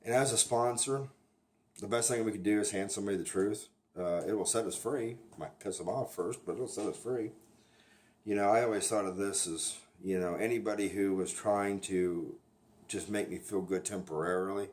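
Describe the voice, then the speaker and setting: Guy with a real low voice, talks in fits and starts about recovery, blunt, lots of "you know". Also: darkish tone. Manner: halting, with frequent restarts and "you know" fillers; blunt and plainspoken. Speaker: recovery sponsor sharing his experience. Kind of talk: candid informal talk to camera.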